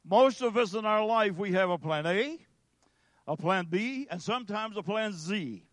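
A male pastor delivers a sermon in a slow, deliberate way, leaning hard on single words and letting pauses hang. His voice sits high for a man. The sound is dry and close. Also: expressive, fairly bright tone, no room sound. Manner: slow, emphatic preaching with dramatic pauses.

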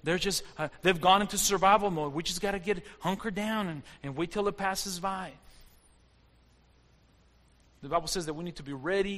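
A man's voice: high-pitched, a bit bright. A man preaching a fervent sermon, his intensity rising and falling as he speaks. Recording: long hall reverb.

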